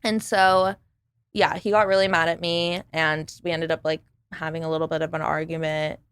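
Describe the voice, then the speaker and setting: A woman guest on a podcast, casually telling a dating story in an animated way, acting out what others said and using lots of "like". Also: low voice, moderate pace, clear, resonant tone, dry recording.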